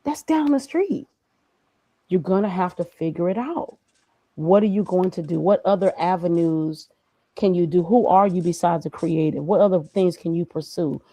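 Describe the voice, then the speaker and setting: A woman's voice: on the low side, fairly even intonation, normal speed, mellow, dry recording, rough recording. A woman speaking as a guest in a conversational interview, emphatic and preachy, firing off rhetorical questions. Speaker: graphic designer and guest.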